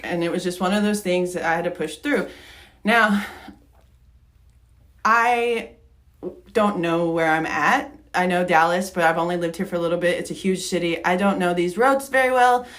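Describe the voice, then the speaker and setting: A woman's voice: on the low side, moderate pace, a bit bright. A young woman co-hosting a podcast, candidly telling a personal story, getting emotional and laughing through it. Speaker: podcast co-host.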